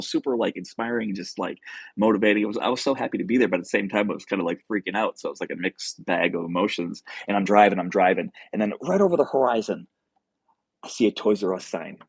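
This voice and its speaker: A man's voice: fairly low pitch, quick pace, slightly rough, no room sound. A young man hosting a casual livestream, telling a rambling story full of fillers and restarts and reading viewer comments. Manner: reads viewer comments aloud. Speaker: livestream host.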